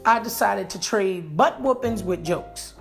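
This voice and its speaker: A man telling a comic story from his own life in an animated, playful and jokey way. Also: high-pitched, unhurried, vocal fry, faint music behind.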